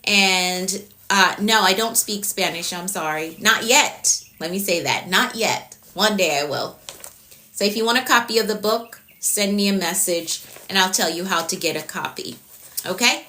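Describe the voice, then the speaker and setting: A bright, clear-toned woman with a Jamaican accent hosts a live stream as a productivity coach. She talks in a loose, chatty way, circles back to the same points and stops to answer viewers' comments. Her pitch sits in the middle range for a woman. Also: normal speed. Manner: chatty, repeats herself, answers comments as they come.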